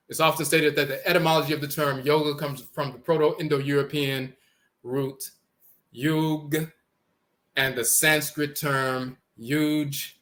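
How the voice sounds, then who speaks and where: Bright-voiced man lecturing on word origins. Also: fairly high pitch. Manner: repeats words slowly, spelling out sounds. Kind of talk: explanatory lecture.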